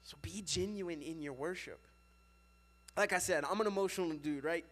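A young man, a youth pastor, preaching a casual and animated sermon with lots of filler words. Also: a little high, moderate pace.

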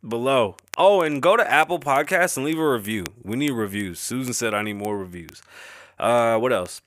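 A man's voice: medium pitch, animated, moderate pace, a bit bright. A man with a Bronx New York accent hosting a podcast in a casual, rambling way, easily sidetracked, swearing and laughing as he goes, speaking close to the microphone. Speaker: podcast host. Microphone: close-up podcast mic.

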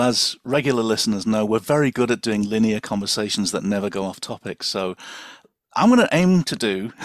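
Male podcast guest, self-deprecating and chatty, medium pitch. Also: dry recording, studio quality. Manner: wry, rambling, self-deprecating. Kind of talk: casual podcast chat.

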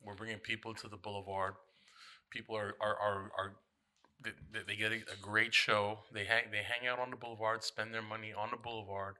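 A man co-running a gallery, speaking earnestly in casual podcast chat, halting and repeating words. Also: lowish voice, flat delivery, pushed and bright. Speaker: gallery co-founder.

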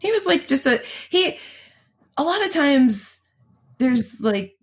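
A woman's voice: high-pitched, big pitch swings, slow pace. A woman co-hosting a podcast, telling blunt, profane stories in casual chat and often laughing. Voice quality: gravelly, husky. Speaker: podcast co-host.

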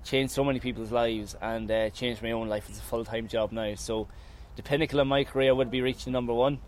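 Here the winning golfer speaks with feeling after his round, describing how it went, his family, and his nerves, and expressing his thanks. He has a steady, mid-range voice that's slightly mellow, and his pace runs a little fast. There's faint outdoor noise on the recording.

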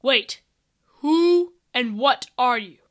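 A woman voicing a bold, hot-tempered young hero with dark powers, blunt and impatient. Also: sits high, expressive, slow. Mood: irritated.

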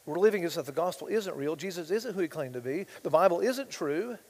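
A male pastor preaching a sermon, swinging between hushed asides and loud, impassioned passages, reading scripture aloud with rising intensity. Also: fairly high pitch, lively intonation, brisk, big-room sound.

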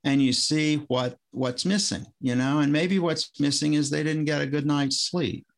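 Gravelly-voiced man telling coaching stories. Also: fairly high pitch, fairly even intonation, normal speed. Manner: rambling, self-interrupting, chuckling storyteller. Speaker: former swim coach, guest. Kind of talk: casual podcast conversation.

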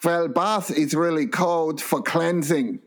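Guy doing creepy old lab assistant villain, slow mock-menacing drawl, kinda high. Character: ancient sinister male lab assistant playing a villain.

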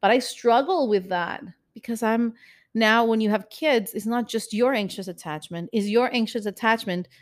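Woman, podcast co-host, candid, self-reflective, casual chat, higher pitch. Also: normal speed.

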